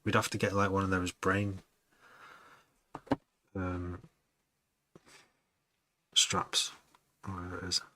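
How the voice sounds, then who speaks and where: A man's voice: deep voice, flat delivery, slow pace, long pauses, noisy background. A man, a music producer, chatting casually with his livestream viewers, rambling and laughing often as he muses aloud. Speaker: music producer streaming to chat.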